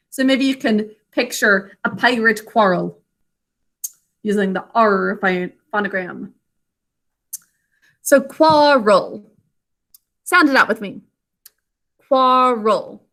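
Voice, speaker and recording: A woman teaching an online spelling lesson to children, speaking slowly and clearly. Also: on the high side, pushed and bright. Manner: slow, clear enunciation for children.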